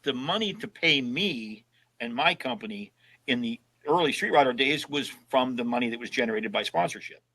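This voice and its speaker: In poor audio, a man of medium pitch speaks at a normal speed. The podcast guest, in his seventies, tells road trip stories casually and plays out the dialogue of the people he quotes in an animated way.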